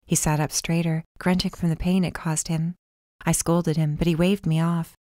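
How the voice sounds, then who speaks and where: A woman narrating a first-person audiobook in a calm, measured way. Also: deep voice, no echo, studio quality.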